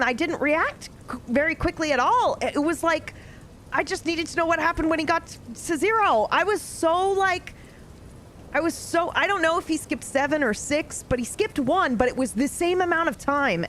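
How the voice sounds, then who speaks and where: A woman in her thirties telling a story from her own life in a casual, animated way, swearing freely. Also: high voice, a little hiss or hum. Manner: animated, swears freely, grows more excited. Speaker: streamer.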